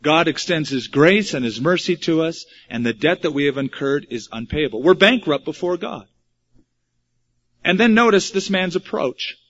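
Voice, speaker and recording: A pastor preaching an expository sermon and reading scripture, with wry asides. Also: male voice, fairly high pitch, lively intonation, normal speed, a bit bright. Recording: dull lo-fi recording.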